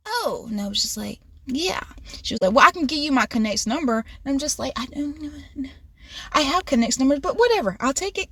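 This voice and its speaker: Lively bright-voiced woman in her twenties. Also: sits high. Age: 20s. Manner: animated, laughs often, rambling asides. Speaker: vlogger. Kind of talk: casual storytime. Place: car.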